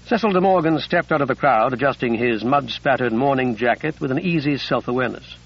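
Gravelly male audiobook narrator. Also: mid-range voice, highs cut off. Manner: measured storytelling. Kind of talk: scripted narration.

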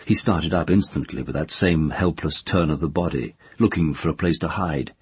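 A deep-voiced man reads a novel aloud with a very husky, breathy tone. His delivery moves lively up and down, recorded dry and close with no room sound. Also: normal speed, no echo. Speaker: audiobook narrator. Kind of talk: scripted narration.

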